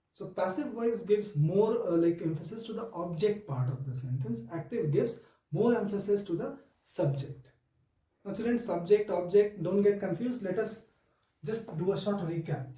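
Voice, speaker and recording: A man teaching a grammar lesson to children, speaking slowly and deliberately and often addressing them directly. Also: high voice, warm tone, roomy sound, far from the mic, poor audio.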